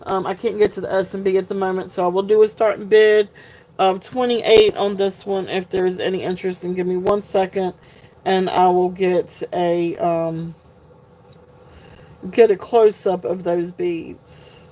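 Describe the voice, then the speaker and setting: A woman's voice: mid-range voice, steady tone, measured pace, warm tone, poor audio. A woman, hosting a live sale stream in a chatty, flustered way with sighs and laughs. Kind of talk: casual live-stream chat.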